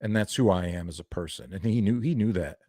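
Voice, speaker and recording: Man, deep voice, dry close sound, angry profane rant, reaction commentary. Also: fast, warm tone, no echo. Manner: heated, profane, ranting. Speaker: reaction video creator.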